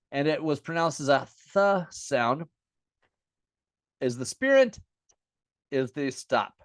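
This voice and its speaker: A man's voice: on the high side, dry recording. Man, American accent, easygoing teacher, repeats letter names, dry room. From United States. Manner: drills each letter name aloud over and over. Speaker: Bible and Hebrew teacher. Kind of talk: casual teaching lesson.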